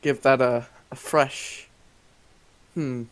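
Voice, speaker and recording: A man's voice: mid-range voice, fairly even intonation, takes it slowly, no room sound. A young man co-hosting a casual podcast, giggly and making crude jokes. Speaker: podcast co-host. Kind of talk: casual chat.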